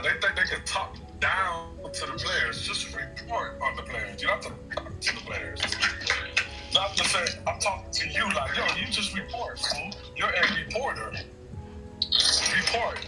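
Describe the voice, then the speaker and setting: A combative man argues bluntly in a high, lively voice. He sounds set back from the mic, with music playing clearly underneath. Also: normal speed. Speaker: stream co-host. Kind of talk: heated casual debate. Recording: distant from mic, loud music behind.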